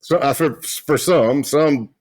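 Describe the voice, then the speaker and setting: A middle-aged man, a retired federal agent from South Carolina, telling stories in a loud, brash, boisterous way in a casual interview. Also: medium pitch, takes it slowly, no room sound. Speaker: guest, retired FBI agent.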